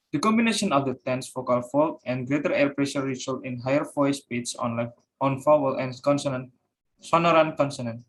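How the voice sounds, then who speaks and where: A young man gives a class presentation in a medium-pitched voice, with slight background noise behind him. He reads out his points, using frequent fillers and repeating each example word.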